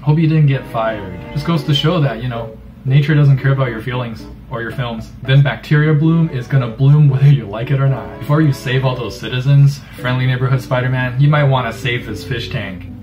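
A young man talks straight to his viewers in a loose, joking way. He pokes sarcastic fun at the aquarium he is reviewing, and music plays clearly under him. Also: medium pitch, brisk, muffled recording. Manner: joking, sarcastic, animated critique. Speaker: fishkeeping YouTuber reviewing fish tanks. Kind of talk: casual commentary vlog.

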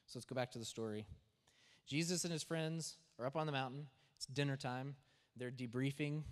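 A man preaching a sermon as pastor, talking in a conversational way and often checking in with "right?". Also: a little high. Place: church sanctuary. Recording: long church reverb.

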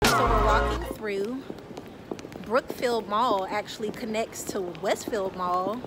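A woman's voice: medium pitch, steady tone, slow pace. A woman talking casually to her phone camera, narrating her day as a vlogger. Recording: music playing behind.

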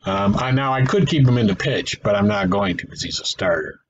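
A man's voice: on the low side, animated, brisk, lo-fi sound, a little hiss or hum. Man thinking aloud over a baseball sim. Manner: thinks aloud, self-correcting, wry asides. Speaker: gaming channel host. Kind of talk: casual play-by-play commentary of a tabletop baseball sim.

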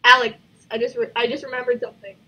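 A woman's voice: a little high, flat delivery, quick pace, pushed and bright, breathy edge. A woman co-hosting a casual live stream, chatty and giggly. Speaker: streamer co-host.

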